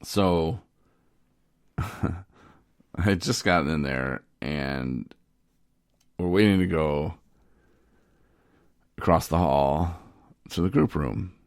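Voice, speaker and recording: A man hosting a podcast, telling a story in a rambling, animated way and laughing often. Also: deep voice, very slow, pauses often, no room sound, clean studio sound. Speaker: podcast host. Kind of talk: casual storytelling.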